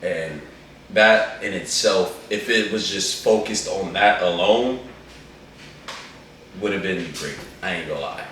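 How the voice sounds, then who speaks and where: A man with a low voice chats in an animated, slangy ramble. He sits away from the mic in a very echoey room. A faint hum runs under him. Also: slow, recorded from a distance. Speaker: co-host reviewing an anime movie. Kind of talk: casual chat.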